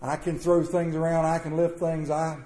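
High-voiced preacher man, roomy church. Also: little pitch movement, normal speed. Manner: swings between loud emphatic bursts and quiet, soft-spoken asides. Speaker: pastor. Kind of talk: sermon. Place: church sanctuary with congregation.

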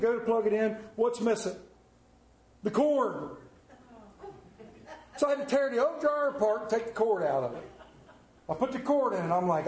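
A man's voice: very high voice, darkish tone, a little hiss or hum. A man giving a conversational sermon as a lay preacher, telling folksy, humorous stories about his week. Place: church sanctuary. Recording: roomy echo of a church.

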